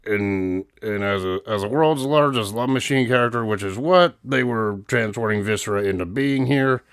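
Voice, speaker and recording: Low-pitched male co-host, dry close mic, joking and teasing, laughs a lot. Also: moderate pace, clean tone, no room sound. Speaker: co-host reviewing wrestling. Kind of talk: casual podcast chat.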